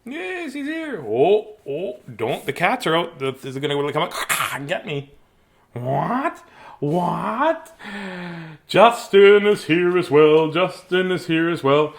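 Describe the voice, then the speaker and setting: A man's voice: fairly high pitch, very animated, measured pace, creaky. Playful, sing-song man hosting a live stream. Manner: playful, greets viewers by name, sing-song asides. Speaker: host reading bedtime stories to kids. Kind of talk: casual live-stream chat.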